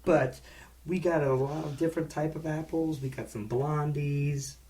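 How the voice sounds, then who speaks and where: A man's voice: a little high, fairly even intonation, normal speed, darkish tone. A man co-hosting a casual podcast, teasing his partner and spinning joke stories. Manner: teasing, jokey storyteller. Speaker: podcast co-host.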